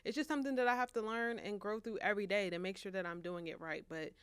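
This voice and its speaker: Earnest young woman, bright crisp voice. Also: mid-range voice, fairly even intonation, fast, dry recording. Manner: earnest, reflective, with frequent restarts and laughs. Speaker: author and interview guest. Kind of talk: casual faith-centered interview.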